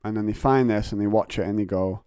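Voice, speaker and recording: A man's voice: on the low side, fast, mellow, clear, resonant tone, no room sound, clean studio sound. An English man hosting a casual solo podcast from home, rambling and digressive with self-mocking humour. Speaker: podcast host. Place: home, on a couch.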